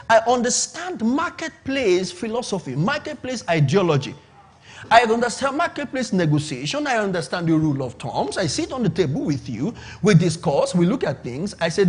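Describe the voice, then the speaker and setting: A man's voice: sits high, very animated, a little fast. A middle-aged Nigerian man preaching a sermon on business, emphatic and repetitive, checking in with his audience. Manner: emphatic, repeats points and asks the audience to confirm. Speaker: pastor.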